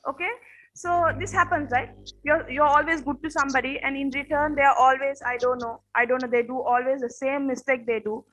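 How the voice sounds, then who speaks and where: A woman's voice: sits high, steady tone, fairly quick, a bit bright, poor audio. A woman teacher giving a classroom lesson on manners, speaking earnestly, repeating her points and checking in with her students.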